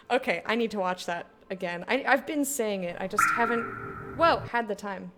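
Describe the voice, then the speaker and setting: A gaming streamer in her thirties offers casual let's play commentary, chatty and giggly, laughing often and reading game text aloud. Her voice is medium in pitch and sharp in tone, at a moderate pace.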